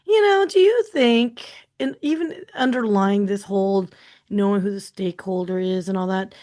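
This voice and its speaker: A woman's voice: fairly high pitch, a little mellow. A woman co-hosting a podcast in casual chat, with a wry, questioning way of talking. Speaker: podcast co-host.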